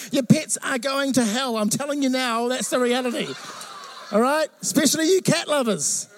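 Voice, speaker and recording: A man with a remarkably high voice delivers a sermon as the pastor. He tells stories with animated, acted-out quotes and jokes. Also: moderate pace, a little hiss or hum.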